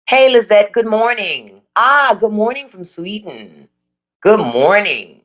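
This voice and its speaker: An animated host on a phone livestream, talking straight to viewers with blunt, profane opinions. The pitch swings widely, and the audio sounds a bit dull and lo-fi. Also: slow. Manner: animated, emphatic. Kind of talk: casual live chat reading viewer comments.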